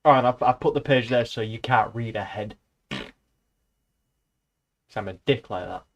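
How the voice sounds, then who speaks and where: A man's voice: fairly low pitch, normal speed. Sweary man reading aloud. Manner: sarcastic, sweary rambling asides. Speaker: streamer reading a novel aloud. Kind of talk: casual reading aloud with commentary.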